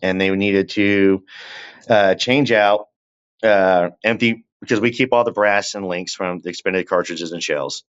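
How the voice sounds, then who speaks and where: Low-voiced man telling a story. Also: smooth, dull audio. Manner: drawn-out, conversational storytelling with asides to the listener. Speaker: guest telling his story. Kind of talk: casual storytelling.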